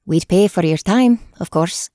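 A woman voicing a light, breathy female hunter with an Irish accent. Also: fairly low pitch, unhurried, warm tone, no room sound, clean studio sound, lightly acted. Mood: cheery.

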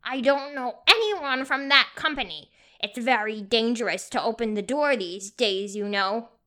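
A woman voicing a cranky, suspicious elderly man with a craggy, high-pitched, querulous voice, in storybook narration. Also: measured pace, bright, forceful tone.

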